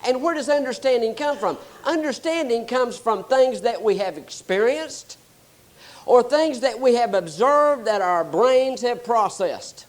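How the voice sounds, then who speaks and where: A man preaching a sermon, explaining scripture and telling animated stories. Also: extremely high pitch, unhurried. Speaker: pastor.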